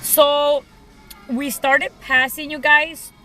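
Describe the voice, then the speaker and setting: Young woman, bright tense voice, higher pitch, chatty storytelling vlog. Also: flat delivery, slow, soft background music, rough recording. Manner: chatty, says "like" and "you guys" often. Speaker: vlogger. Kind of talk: casual storytelling to viewers.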